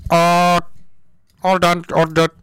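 A man voicing a flustered female fast-food drive-thru worker who stammers and repeats herself. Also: high voice, completely flat delivery, fairly bright tone, smooth, no room sound, pitched below the performer's own voice. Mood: hesitant.

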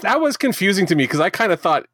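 A man's voice: sits high, very animated, quick pace, fairly bright tone, dry recording, studio quality. A man co-hosting a casual chat, joking and rambling, trailing off mid-thought. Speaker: podcast co-host.

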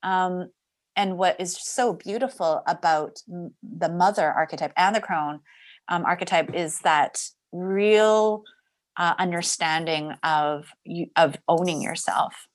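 A woman's voice: fairly low pitch, unhurried. A woman speaking as a podcast guest, reflective and candid, often laughing and restarting her sentences. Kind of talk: candid personal conversation.

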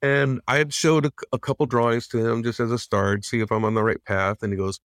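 Earnest veteran animator, dry close sound. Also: male voice, medium pitch, steady tone, fairly quick, few pauses, dry recording. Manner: earnest, reflective, many restarts and acted-out quotes. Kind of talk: casual interview storytelling.

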